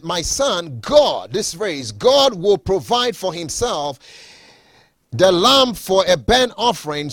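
Man preaching a sermon, highish voice, repeats himself for emphasis, dry close sound. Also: no echo. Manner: reads scripture slowly, then preaches with emphatic repetition. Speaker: pastor.

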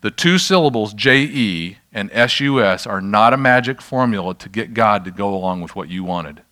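Male pastor, lowish voice, chatty self-deprecating teaching to a room of people. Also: lively intonation, normal speed, bright, forceful tone. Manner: conversational, self-deprecating, checks in with the audience. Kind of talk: informal sermon teaching. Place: church room with an audience.

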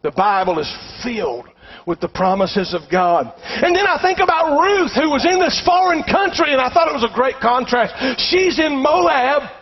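Male pastor, high voice, dynamic storyteller who drops low and then builds to shouts; dull lo-fi church recording. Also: animated, moderate pace, slightly rough. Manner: storytelling preacher, swings from hushed to shouting. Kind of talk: sermon.

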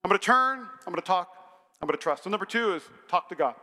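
A man preaching a sermon in a church, energetic and humorous, rising now and then to shouts. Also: sits high, fast talker. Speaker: pastor. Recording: long hall reverb.

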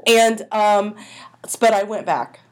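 A woman's voice: mid-range voice, slow pace, crowd noise. A woman on a podcast telling a personal story in casual chat, acting out both sides of the conversation.

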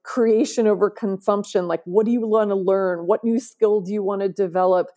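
A woman's voice: medium pitch, steady tone, normal speed, warm tone. A woman speaking as a podcast guest, earnest and emphatic, often checking in with "right?". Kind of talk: conversational interview.

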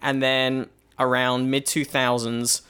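A man's voice: medium pitch, little pitch movement, takes it slowly, bright, forceful tone, smooth. A British man, a comedian, chatting casually on a podcast and telling a meandering story full of restarts. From Britain. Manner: rambling storyteller with many restarts. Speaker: comedian guest. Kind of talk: casual chat.

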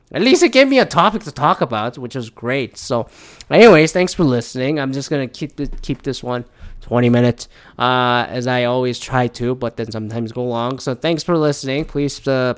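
A man's voice: medium pitch, clear, resonant tone. A man talks alone into his podcast mic in a loose, rambling monologue. He swears freely and restarts his sentences often. He keeps breaking off into exasperated rhetorical questions. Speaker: podcast host. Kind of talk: casual solo podcast monologue.

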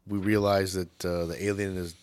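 Low-voiced man recapping a movie, crude and jokey. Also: level tone, normal speed, smooth, dry recording. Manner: profane, jokey, slips into mocking voices. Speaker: podcast co-host. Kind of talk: casual movie recap chat.

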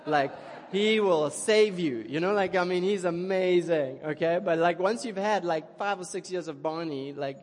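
A man delivers a sermon in a relaxed, animated manner, often checking in with the listeners. His voice is high for a man. A long reverb from a large hall hangs on every phrase. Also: normal speed, few pauses. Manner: animated, chatty, keeps asking "okay?". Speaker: preacher.

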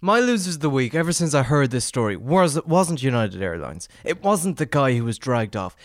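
A man's voice: medium pitch, big pitch swings, normal speed, no room sound, studio quality. A man hosting a podcast, ranting profanely in casual chat. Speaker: podcast host.

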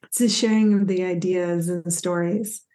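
A woman's voice: on the low side, steady tone, normal speed, mellow. A woman guest in a radio interview, telling her stories with earnest enthusiasm. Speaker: guest, executive coach.

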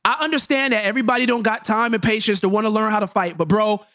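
Casting: man, high voice, quick, slangy storyteller on a podcast, dry close sound. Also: no echo. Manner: animated, slangy storytelling with restarts. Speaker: podcast co-host. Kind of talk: casual chat.

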